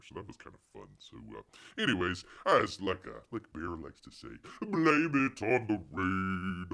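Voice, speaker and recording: Man, stream host, gravelly low voice, rambling jokey patter. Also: fairly bright tone. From Florida, USA. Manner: rambling, jokey, refers to himself in third person. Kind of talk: casual live stream chat.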